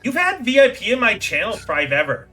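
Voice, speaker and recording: A man's voice: high voice, soft background music. A man running a tabletop game on stream, teasing his players and laughing easily. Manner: teasing, animated, quick to laugh.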